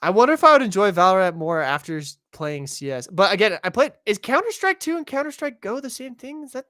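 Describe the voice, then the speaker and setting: A man's voice: sits high, very animated, fast, sharp tone, no echo, clean studio sound. A young man hosting a podcast in casual chat, rambling and poking fun at himself. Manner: rambling, self-deprecating. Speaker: podcast host.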